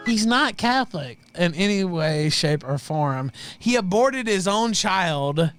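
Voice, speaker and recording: High, animated man ranting mockingly. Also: a little slow, faint music behind. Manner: profane, mocking. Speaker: livestream show host. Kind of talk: ranting commentary.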